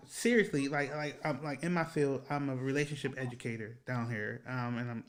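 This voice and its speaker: A man's voice: medium pitch, low-quality recording. A man who works as a relationship educator hosts a casual panel discussion, leaning on fillers, repeating words and asking the group questions.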